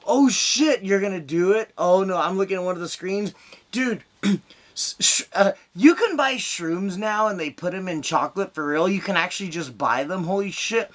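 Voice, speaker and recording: A man's voice: sits high, lively intonation, normal speed, a bit bright. A young man doing a stand-up set over a video call, rambling through crude stories. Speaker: stand-up comedian.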